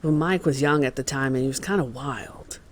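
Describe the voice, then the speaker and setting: A man plays a male contractor on the witness stand in a dramatized court testimony reading, relating events in a plain, worried manner. He speaks at normal speed in a mid-range voice, lightly acted.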